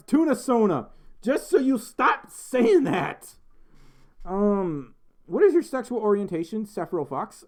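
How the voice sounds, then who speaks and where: A congested man chats his way through a livestream with a lively, bouncing pitch. He rambles and fills gaps with um and uh as he answers questions from the chat. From United States. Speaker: livestream host reading chat. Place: indoors, in a fursuit.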